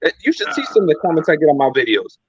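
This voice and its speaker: A man from the United States speaks bluntly, animated and often stammering. His fairly high voice jumps around in pitch. The recording is dry and dull, a bit lo-fi. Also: very fast, breathy edge. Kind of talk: casual chat.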